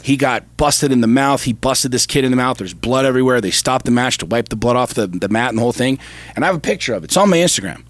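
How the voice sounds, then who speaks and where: A man's voice: mid-range voice, expressive, fast, no echo. Middle-aged guy on a podcast, swearing a lot and getting fired up, dry close sound. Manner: intense, profane storytelling, rising to emphatic fervor. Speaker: podcast co-host. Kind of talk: casual chat.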